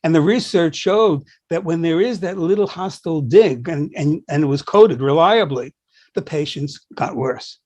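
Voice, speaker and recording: Older male co-host, higher-pitched, anecdotal and animated in conversation. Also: normal speed. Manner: anecdotal storyteller, acts out quoted dialogue. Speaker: podcast co-host, psychology professor. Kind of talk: conversational discussion.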